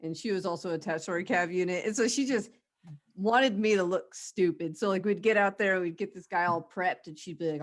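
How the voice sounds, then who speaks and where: A woman's voice: fairly low pitch, fairly quick. A woman who is an army veteran, chatting as a podcast guest in a blunt, profane way, laughing often. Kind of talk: casual chat.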